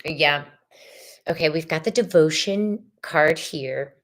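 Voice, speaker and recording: A woman's voice: low-pitched, slow. A middle-aged woman, hosting a live tarot reading, effusive and chatty, swearing casually and calling viewers y'all and sister.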